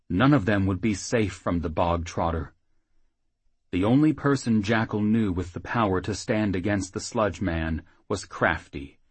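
A man reading a fantasy audiobook as narrator, in a steady, even way. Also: fairly low pitch, slightly rough, dry recording.

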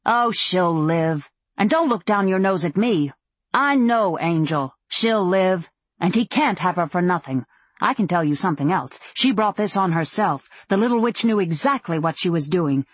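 A woman voicing a hard, sharp-tongued woman who runs a saloon, speaking sharply and ranting. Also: fairly low pitch, animated, moderate pace, breathy edge, no room sound.

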